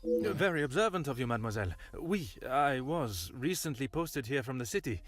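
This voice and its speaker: An actor playing a young Belgian police officer in a video game, speaking in a courteous, formal manner. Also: male voice, mid-range voice, animated, moderate pace, breathy edge.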